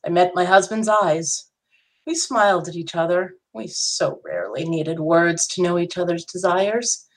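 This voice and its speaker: Low-voiced woman narrating intimately. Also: lively intonation, measured pace. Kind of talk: first-person story narration.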